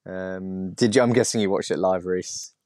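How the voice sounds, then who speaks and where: Low-voiced chatty male quizmaster. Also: steady tone, moderate pace, darkish tone, no echo. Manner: chatty, laughs often, many fillers. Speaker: podcast host and quizmaster. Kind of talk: casual sports chat.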